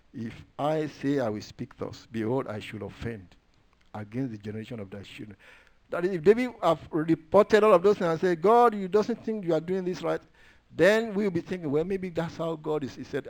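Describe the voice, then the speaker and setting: A man speaking a little fast preaches a sermon built around scripture readings and quotations. His voice drops to hushed asides, then rises to loud declarations, with words stretched out for emphasis.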